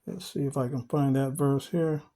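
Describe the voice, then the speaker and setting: With a mellow, mid-range voice and fairly even intonation, a man reads scripture at a slow, deliberate pace during a Bible study. He speaks to his listeners as family, posing rhetorical questions.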